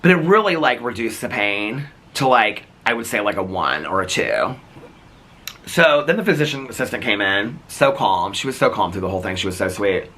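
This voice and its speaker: A man vlogging, retelling a hospital visit in a rambling, animated way, full of "like" fillers and acted-out quotes. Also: lowish voice, normal speed. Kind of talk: casual storytelling to camera.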